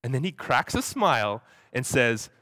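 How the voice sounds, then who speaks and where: A young man tells a story in a halting way, repeating words as he goes. His voice sits at an ordinary pitch. The sound is close and dry, with no room around it. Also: big pitch swings, sharp tone, no room sound. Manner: acts out quoted voices animatedly. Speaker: speaker at a church gathering. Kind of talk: storytelling talk.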